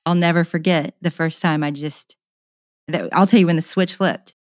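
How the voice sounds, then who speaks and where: A woman's voice: sits low, fairly even intonation, moderate pace, no echo, studio quality. A middle-aged woman, a podcast guest, candidly telling a personal story in an earnest, passionate way and often repeating words.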